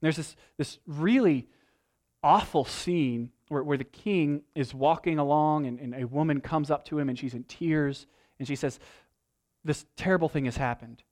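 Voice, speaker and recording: A man delivers a sermon in a somewhat higher voice. He tells the scripture story with animated energy and pushes up to emphatic peaks. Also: moderate pace. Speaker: pastor.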